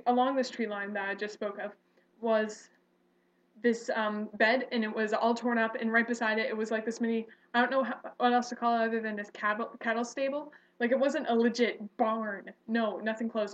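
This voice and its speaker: A young woman with a somewhat high voice tells a story from her past in a loose, rambling way, full of fillers and restarts. The recording sounds dull and lo-fi. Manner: animated, rambling, with fillers and self-corrections. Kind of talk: casual storytelling.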